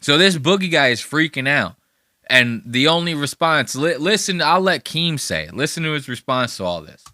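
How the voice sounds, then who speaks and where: A man's voice: a little high, very animated, normal speed, pushed and bright, dry recording, studio quality. A man hosting a podcast, giving casual reaction commentary in a rambling, profane way. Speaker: podcast host.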